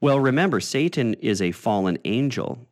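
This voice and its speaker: A man teaching a Bible study in a conversational, explaining way, often pausing with "uh" and restarting phrases. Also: medium pitch, lively intonation.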